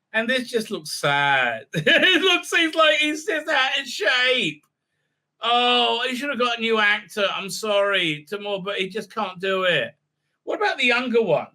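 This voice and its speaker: A man's voice: high voice, pushed and bright. A man giving a casual, mocking review, rambling with many fillers. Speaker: video reviewer.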